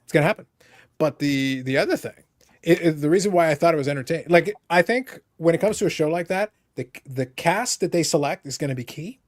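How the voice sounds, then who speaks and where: Animated man hosting a chat show. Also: a little high, fast talker. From Canada. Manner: animated, jokey, talks over others. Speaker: podcast host. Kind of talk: casual chat.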